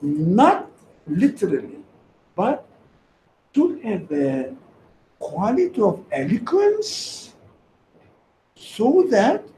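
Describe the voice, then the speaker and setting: Speaking very slowly and pausing often, this man has a high, dark-toned voice with huge pitch swings. He lectures a small group emphatically in an echoey room with faint ambience and slight background noise, repeating key phrases and asking questions.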